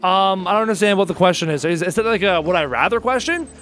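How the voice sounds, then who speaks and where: A man's voice: sits high, expressive, quick pace, a bit bright, slight background noise. A young man streaming a survival game live, chatting casually with viewers and joking as he plays. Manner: casual, joking, addresses chat as dude.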